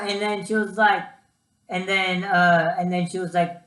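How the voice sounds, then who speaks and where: A man's voice: high voice, normal speed, reverberant, raised voice. A young man giving casual vlog advice, chatty and full of ums and uhs. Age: young adult. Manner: chatty, lots of ums and uhs, animated storytelling. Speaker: student vlogger.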